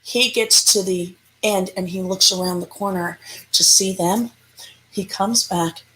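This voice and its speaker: A woman paranormal investigator telling an eerie encounter in an interview, animated and acting out the dialogue. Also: medium pitch, unhurried, a little hiss or hum. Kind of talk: storytelling in an interview.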